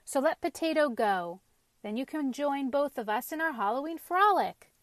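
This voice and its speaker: A woman's voice: sits high, animated, moderate pace, dry recording, voice pushed up. A woman doing a jolly, coaxing storybook pumpkin. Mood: hearty. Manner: coaxing, hearty. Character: jolly, persuasive male talking pumpkin leader.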